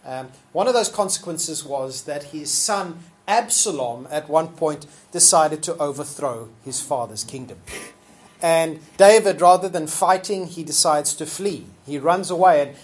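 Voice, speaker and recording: A preacher giving a sermon in a relaxed, conversational way with fillers, now and then acting out the people quoted. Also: medium pitch.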